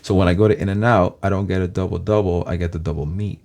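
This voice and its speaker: A man's voice: low voice, fairly even intonation, fast, vocal fry, darkish tone. A man from Los Angeles, a YouTuber, rambling casually to his viewers, swearing constantly and calling them guys.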